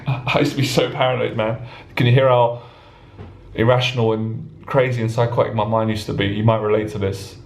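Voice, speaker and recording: A man's voice: on the low side, flat delivery, fairly quick. A man coaching on social anxiety in an earnest, passionate monologue, acting out anxious thoughts. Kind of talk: motivational monologue to camera. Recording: roomy echo.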